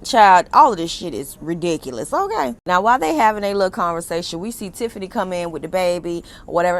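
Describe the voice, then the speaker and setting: A woman's voice: medium pitch, lively intonation, fast, hardly any pauses. A young woman, recapping a reality TV episode in a blunt, profane, sassy way and laughing often. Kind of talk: casual recap commentary.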